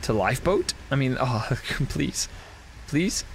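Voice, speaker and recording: Excitable swearing man streaming a horror game. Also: medium pitch, slow pace, gravelly, slight background noise. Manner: excitable, swears a lot, chats with viewers. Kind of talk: casual gameplay commentary.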